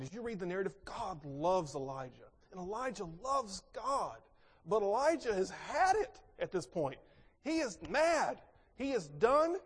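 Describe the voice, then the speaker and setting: A pastor preaching a sermon, asking rhetorical questions and moving between emphatic and quiet delivery. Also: male voice, high voice, breathy edge. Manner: expressive, rhetorical questions, swings between loud and soft. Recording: long reverb in a large hall.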